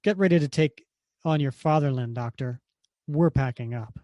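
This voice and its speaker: A man's voice: a little high, normal speed, dark tone, no echo, lo-fi sound, lightly acted. A man reading out the lines of a brash, dismissive male army colonel from a comic, in close to his own voice. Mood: mocking. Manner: read aloud from a comic, lightly acted.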